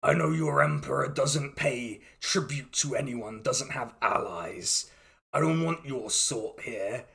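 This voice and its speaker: A man voicing a huge, distrustful male orc war chief in a tabletop game, speaking in a gruff, menacing, slow way. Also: mid-range voice, fairly bright tone, voice pushed down, heavily acted. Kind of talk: tabletop role-play voice.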